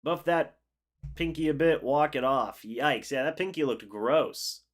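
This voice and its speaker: A young man hosting a live football reaction stream, calling the plays and chatting with viewers in an excitable, talkative way. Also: on the high side, unhurried. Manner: excitable, chatty, reads chat aloud and calls plays. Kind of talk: live game reaction with play-by-play and chat replies.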